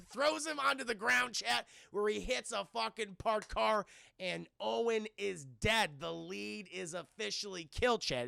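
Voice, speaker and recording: A man casually recapping a film for his stream chat, animated and swearing freely as he addresses the chat. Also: sits high, vocal fry, no room sound, studio quality.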